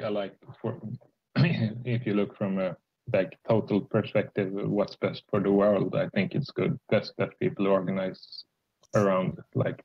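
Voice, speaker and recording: A man with a Swedish accent debating on a voice call, speaking haltingly with many restarts and fillers. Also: on the low side, vocal fry, husky, highs cut off. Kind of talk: casual political debate.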